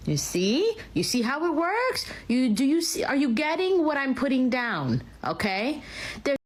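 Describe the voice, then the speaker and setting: A woman's voice: high-pitched, big pitch swings, measured pace. A woman telling a story to her followers in a smug, boastful way. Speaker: social media poster. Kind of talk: casual storytelling to camera.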